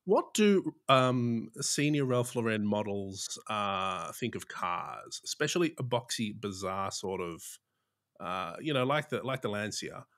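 A man co-hosting a podcast, chatting casually and dropping quick deadpan jokes. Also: fairly low pitch. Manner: jokey, quick deadpan quips. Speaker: podcast co-host. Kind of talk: casual chat.

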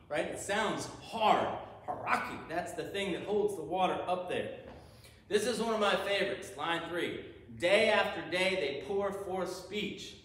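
In a church sanctuary, a male pastor preaches a sermon, eagerly unpacking Hebrew words and posing rhetorical questions. His voice sits on the high side with a fairly bright tone, and the recording sounds roomy and distant.

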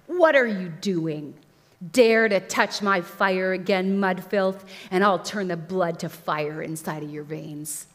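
A woman's voice: fairly low pitch, normal speed, a bit bright. A woman voicing a scornful enchantress witch queen who mocks and then commands, read aloud in a hall. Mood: furious. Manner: mocking, coaxing, then commanding. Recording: long hall reverb.

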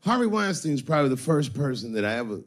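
A man's voice: fairly high pitch, big pitch swings, fast talker. Sardonic middle-aged male stand-up. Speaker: stand-up comedian. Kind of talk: stand-up routine. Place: live comedy stage. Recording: live show with audience noise.

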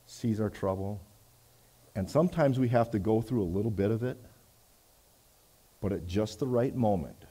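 Pastor guy reading scripture then chatting about it, mellow dark voice, lots of "you know". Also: mid-range voice. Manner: conversational, many "you know" asides, swings between loud reading and quiet reflection. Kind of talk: sermon reading and explaining scripture. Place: church.

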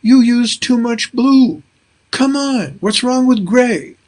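A man's voice: extremely high pitch, takes it slowly, a little mellow, pitched above the performer's own voice. A man voicing his older mother, fussily scolding him while he paints. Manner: scolding, fussy.

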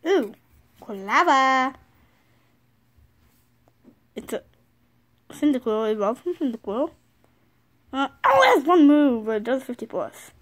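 A school-age girl vlogging casually from her bed, excitable, reading card names aloud and often apologizing. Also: high voice, slow pace, long pauses. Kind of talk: casual card-opening vlog. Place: sitting on her bed at home.

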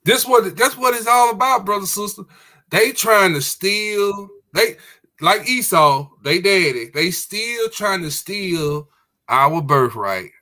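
A man with a bright, ringing voice that sits a little high. He talks like a preacher, leaning hard on his words and stretching them out, in a casual online call. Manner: preachy, emphatic, drawn-out stresses. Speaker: podcast co-host. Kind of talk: casual religious discussion.

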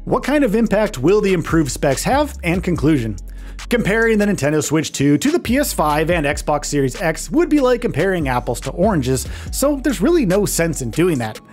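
A man narrating a scripted tech video in a lively read that often drops in pitch at the ends of clauses. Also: normal speed. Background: faint background music.

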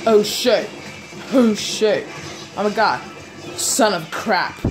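A woman talks through her own gameplay in an excitable, easily flustered way, full of exclamations. Her pitch is mid-range and her pacing is slow and drawn out. Light game music plays quietly underneath. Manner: excitable, exclaiming often, quick to panic and laugh at herself. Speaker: gaming video host. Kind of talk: live gameplay commentary.

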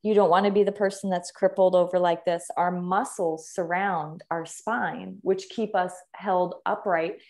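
A young woman with a slightly lower voice talks fitness and health as a podcast guest. She is enthusiastic and emphatic, stacking words and repeating them to drive each point home. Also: steady tone, a little slow, hardly any pauses, darkish tone. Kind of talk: conversational podcast interview.

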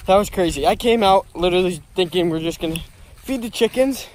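A young man vlogging casually, excitable and out of breath after chasing animals outdoors. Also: high voice, a little fast. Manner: excitable, yells in panic. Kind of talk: casual vlog narration. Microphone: handheld camera.

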